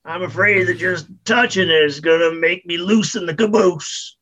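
A man voicing a crude, grumpy character sick from bad chicken, complaining bluntly and gruffly. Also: high voice, moderate pace, pushed and bright, lo-fi sound.

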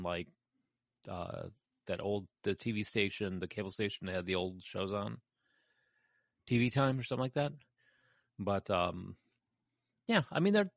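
A man with a fairly low but lively voice reads through old film credits in a relaxed podcast chat. He trails off and laughs between names, and the sound is dry and close. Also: no echo. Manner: laughing, chatty, trails off mid-sentence. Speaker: podcast host.

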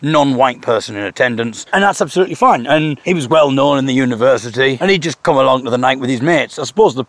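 A man's voice: a little high, dry recording. A man hosting his podcast, telling a rambling, self-mocking story in a casual monologue with chuckles. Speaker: podcast host.

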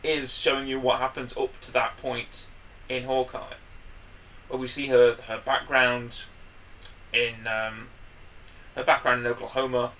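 Guy rambling excitedly on a podcast, bright voice, sounds a little back from the mic. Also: mid-range voice, a little slow, long pauses, far from the mic, a little hiss or hum. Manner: enthusiastic, rambling, loud bursts when excited. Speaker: podcast co-host. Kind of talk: casual chat.

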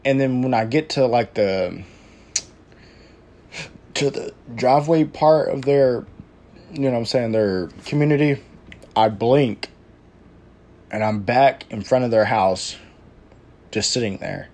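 Young man, casual storyteller, slangy and profane, rambling delivery, mid-pitched voice. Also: slow, pauses often, darkish tone. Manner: slangy, profane, says "bro" constantly; rambling with filler and restarts.

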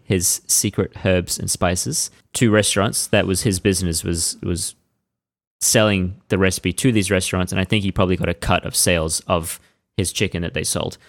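Low-voiced man casually telling a story. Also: no echo, clean studio sound. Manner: conversational, relaxed storytelling with restarts. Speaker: podcast host telling the story. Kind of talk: casual chat.

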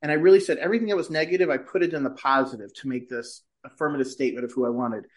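A middle-aged man, a podcast guest, telling a personal story in casual conversation and lifting his voice when he quotes himself. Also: rapid-fire. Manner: animated, shifts pitch when quoting himself.

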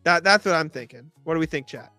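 A young man on a sports podcast, working himself into a sarcastic, exasperated rant full of throat clearing. His voice sits a little high and sounds bright. Faint music plays underneath. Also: quick pace, no echo. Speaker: podcast co-host.

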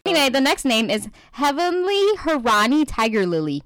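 A woman's voice: high voice, sing-song, fairly bright tone. A young woman co-hosting a casual podcast, playful and blunt. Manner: playful, blunt, quick to laugh. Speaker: podcast co-host. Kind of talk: casual chat.

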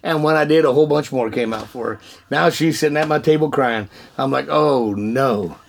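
A man telling his testimony in an animated, folksy way, often laughing and repeating words. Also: on the high side, a little fast, creaky. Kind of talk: animated storytelling.

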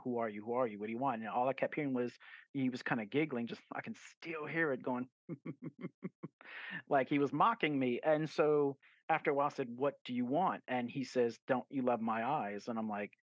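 A man's voice: mid-range voice, dry recording. A man, a guest author, telling a story in a casual podcast interview, rambling with fillers and restarts and acting out his own quoted lines. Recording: dull, lo-fi and dry.

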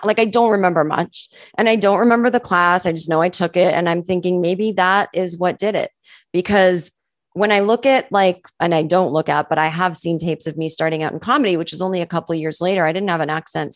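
A woman comedian with a faint Boston accent tinged with California, talking casually and self-deprecatingly as an interview guest, with animated asides. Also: fairly low pitch, a little fast, dry recording, studio quality. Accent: faint Boston with California touches. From Boston area, USA.

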